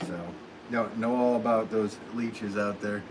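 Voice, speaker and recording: A man with a fairly low voice chats loosely on a livestream from his pottery studio. He rambles, trails off and restarts, filling gaps with ums. Fans run steadily in the background, adding a clear layer of noise. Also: level tone, a little slow. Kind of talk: casual livestream chat. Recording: clear fan noise behind the voice.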